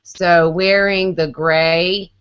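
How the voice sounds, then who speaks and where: A woman's voice: lowish voice, steady tone, extremely slow, a bit bright, smooth. A woman co-hosting a casual video-call chat, talkative and playful, laughing often. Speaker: co-host. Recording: muffled lo-fi video-call audio.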